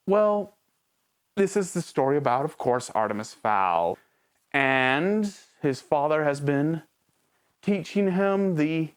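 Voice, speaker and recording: A woman reviewing a movie in a casual video, talking straight to the viewer with sarcastic rhetorical questions. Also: low voice.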